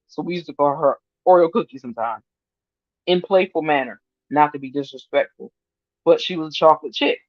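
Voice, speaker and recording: A woman in her fifties chatting casually to her viewers on a livestream, animated and laughing often as she reads their comments. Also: low voice, no room sound. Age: 50s. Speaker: vlogger reading viewer comments. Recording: dry, slightly muffled lo-fi sound.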